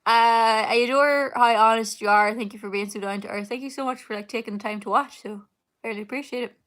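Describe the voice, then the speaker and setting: Speaking fast in a fairly bright voice on the high side, with fairly even intonation, a young singer chats casually indoors at home. She's hosting a live Q&A, answering stream comments and rambling with plenty of fillers and laughter.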